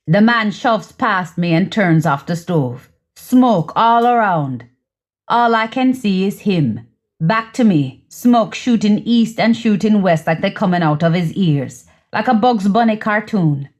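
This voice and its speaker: A woman narrating an audiobook in a vivid, deliberate way. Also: mid-range voice, animated. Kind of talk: scripted narration.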